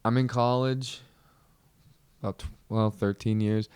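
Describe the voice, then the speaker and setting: A young man hosting a podcast, telling a comedic story with animated, exasperated outbursts. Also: fairly low pitch, measured pace, smooth. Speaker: podcast host.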